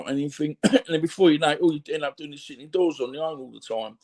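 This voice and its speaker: A man's voice: fairly high pitch, quick pace, a little mellow. A middle-aged man with a Cockney accent talking candidly as an interview guest, rambling and tagging on "you know what I mean" asides. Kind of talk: candid reflective conversation.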